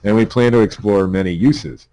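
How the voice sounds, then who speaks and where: A man's voice: fairly low pitch, normal speed, warm tone. A man with a Pennsylvania accent co-hosting a podcast, reading news stories aloud with stumbles, laughs and asides. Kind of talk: casual news chat.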